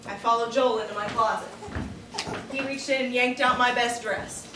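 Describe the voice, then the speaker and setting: A woman performs a staged first-person monologue, reflective and measured. Her voice sits fairly high. It is recorded from a distance in a roomy space with faint background noise. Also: steady tone. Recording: echoey room, distant camera mic.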